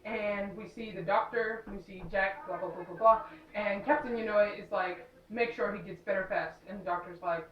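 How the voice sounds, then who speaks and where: A woman's voice: mid-range voice, fairly even intonation, moderate pace, hardly any pauses, roomy sound, distant mic, lo-fi sound. A young woman casually recapping a movie, rambling with lots of fillers and sarcastic asides. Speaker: movie reviewer.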